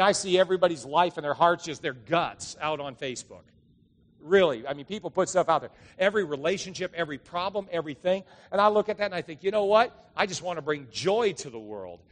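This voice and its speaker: A middle-aged male pastor preaching a sermon, telling stories and acting out the voices with drawn-out dramatic lines. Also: on the high side, fairly bright tone. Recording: long hall reverb.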